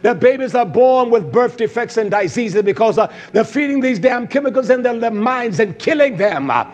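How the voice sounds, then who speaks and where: Male preacher, high voice, fiery sermon delivery, hushed to shouting. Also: animated, normal speed, muffled recording.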